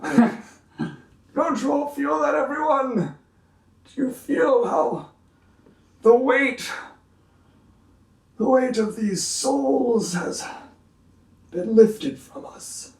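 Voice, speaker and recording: A man voicing a pompous, dreamy middle-aged councilman who talks in a drawn-out, theatrical way. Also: extremely high pitch, animated, creaky, voice pushed up, exaggerated voice. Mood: rapturous. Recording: roomy room, distant mic.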